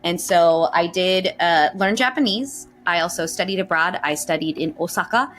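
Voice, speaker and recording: Bright, bubbly young woman. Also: lowish voice, moderate pace, soft background music. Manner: bubbly, laughs often, lively storytelling. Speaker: voice actor guest. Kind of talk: casual podcast interview.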